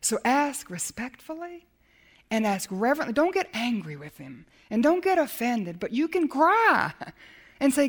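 A woman preaching a sermon as a Bible teacher, dramatic, swinging from emphatic lines to hushed ones. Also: sits high, sing-song, normal speed.

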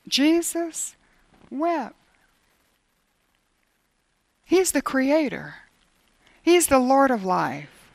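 A middle-aged woman preaching a sermon in an earnest, lively way, moving between emphatic lines and hushed ones and repeating phrases for emphasis. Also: a little high, gravelly, no echo.

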